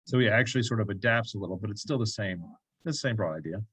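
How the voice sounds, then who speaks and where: Leading a church bible study in a classroom, a man talks casually, quizzes the group and slips in joking asides. He has a fairly low pitch, a fairly bright tone with a breathy edge, and a quick pace, with no echo.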